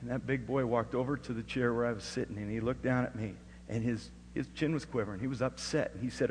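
A middle-aged man preaching a sermon and telling a family story, going from hushed and tender to loud and emphatic. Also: mid-range voice, fairly even intonation, fast. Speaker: pastor. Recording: echoey hall with faint hum.

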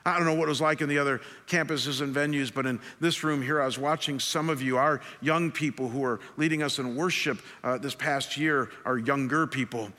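A male pastor delivers a sermon in a conversational, earnest way, often restarting his phrases. His voice is bright and forward. The sound carries the long reverb of a large church hall. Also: medium pitch, fairly even intonation, fairly quick, few pauses.

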